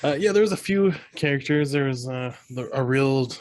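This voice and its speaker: A man co-hosting a laid-back podcast, recapping a film's plot in a loose, rambling way. His voice sits at a middle pitch, and his talk is full of quick asides. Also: darkish tone. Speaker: podcast co-host. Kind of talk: casual movie-review chat.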